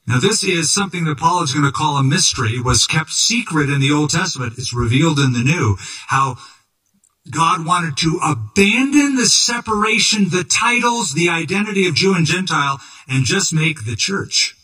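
A man's voice: on the high side, lively intonation, normal speed, bright, forceful tone, recorded from a distance, rough recording. A man pastor preaching a sermon in a conversational way, with asides and emphatic repetition.

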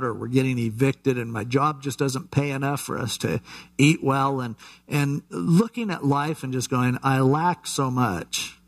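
A male pastor gives a Bible-teaching sermon in an unhurried, conversational way. His voice sits at an ordinary middle pitch. He talks in loose, chatty asides and often restarts his sentences.

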